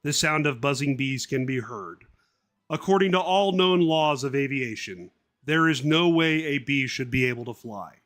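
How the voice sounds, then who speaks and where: A man's voice: medium pitch, expressive, normal speed, a bit bright. A man streaming live, reading a script aloud and grumbling sarcastically between lines, swearing casually.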